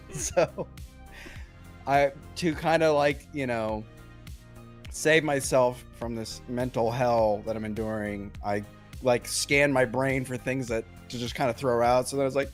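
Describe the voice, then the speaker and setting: A young man in casual podcast chat, rambling through a story with lots of "like" and "um" and restarts. His pitch sits in the middle, and faint music plays underneath. His delivery is loose and unscripted. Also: steady tone, measured pace. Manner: rambling, many fillers and restarts. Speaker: podcast co-host.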